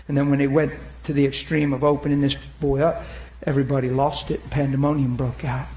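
A man preaching a sermon, swinging from shouted appeals to hushed storytelling and asking the listeners questions. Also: mid-range voice, flat delivery, brisk, echoey room. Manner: asks the audience call-and-response questions.

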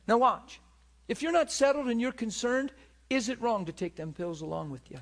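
A man's voice: very high voice, normal speed. A middle-aged man preaching a storytelling sermon, acting out voices and crying out in places. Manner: animated, acts out voices and cries out.

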